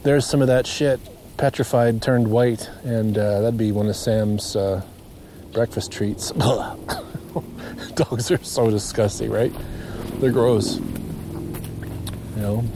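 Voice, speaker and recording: A low-voiced man speaks slowly with fairly even intonation and long pauses, and the background is noisy. Recorded outdoors as he walks a marsh, the nature vlogger rambles casually to himself, chatty and amused, chuckling at his own stories.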